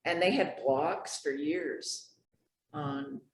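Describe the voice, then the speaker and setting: A man in a church class adding casual, lively remarks to the discussion. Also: fairly high pitch, extremely slow. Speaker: class member. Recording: echoey room, faint hiss.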